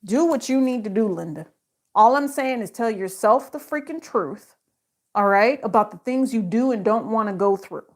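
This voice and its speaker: Middle-aged lady doing a rambly tarot reading, kinda high voice, chatty, keeps cutting herself off. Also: lively intonation, moderate pace. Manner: rambling, chatty, frequent fillers and self-interruptions. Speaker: psychic tarot reader. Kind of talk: casual tarot reading monologue.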